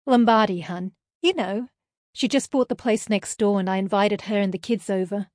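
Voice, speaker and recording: A woman's voice: medium pitch, no echo, clean studio sound, close to an everyday voice. A woman voicing a cheerful, busy middle-aged mother calling to her daughter. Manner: brisk, warm-calling, affectionate. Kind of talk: audiobook character voice.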